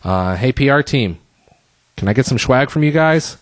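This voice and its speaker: A man's voice: medium pitch, expressive, normal speed, no room sound. A man hosting his own podcast solo, chatting casually and rambling with fillers and restarts, a bit out of breath. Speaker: podcast host.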